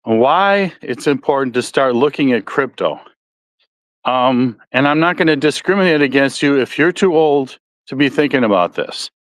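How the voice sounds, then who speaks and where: A man's voice: medium pitch, lively intonation, normal speed, no echo. Folksy Midwestern man with a dry sound. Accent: Midwestern American. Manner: rambling, self-correcting, folksy. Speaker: podcast host. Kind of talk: casual solo podcast talk.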